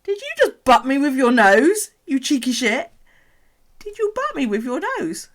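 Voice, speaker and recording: A woman's voice: lowish voice, lively intonation, moderate pace. A woman voicing her grumpy little male pet snake, who insists he is big and fierce in an indignant, mock-tough way.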